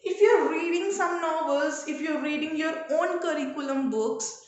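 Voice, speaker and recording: Slow, high-voiced Indian woman teaching English. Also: heavy reverb. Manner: explains slowly with repeated examples. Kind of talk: classroom lecture.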